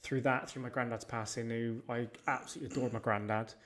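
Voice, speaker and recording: A man talks as a podcast guest, retelling personal stories in a loose, casual way. He is blunt and swears freely, with lively shifts in his telling. His voice sits at an ordinary middle pitch for a man. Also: fast. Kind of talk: casual storytelling chat.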